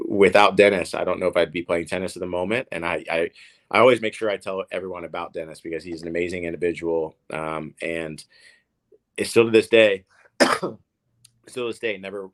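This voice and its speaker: A man in his thirties with a deep, low voice, guesting in a relaxed interview. He is from Oklahoma and tells his stories in a rambling way, full of fillers and restarted words. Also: moderate pace. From Oklahoma, USA. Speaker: guest, professional tennis player. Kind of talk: casual storytelling interview.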